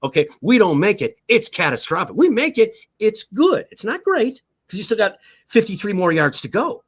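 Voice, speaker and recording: A man's voice: high voice, sing-song, moderate pace, breathy edge. A man on a sports talk show, a former player, arguing emphatically, repeating key words and swearing for emphasis.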